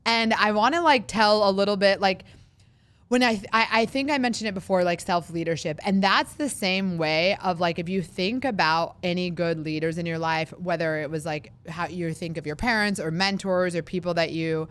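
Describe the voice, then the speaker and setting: Chatty woman podcaster, smooth voice. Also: lowish voice. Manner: chatty, animated, acts out worried voices in quick asides. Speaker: podcast host. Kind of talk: casual solo podcast monologue.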